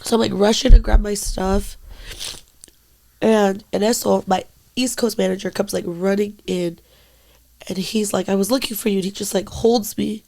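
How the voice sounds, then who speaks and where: Co-hosting a casual podcast, a young woman tells a story frankly, peppering it with "like" and lots of swearing. Her voice is gravelly, creaky, and dark, mid-range in pitch, with a steady tone and moderate pace.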